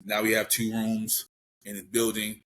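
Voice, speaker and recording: A man in relaxed podcast conversation as a guest, giving easygoing, encouraging advice. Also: on the low side, measured pace, slight background noise. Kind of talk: casual podcast chat.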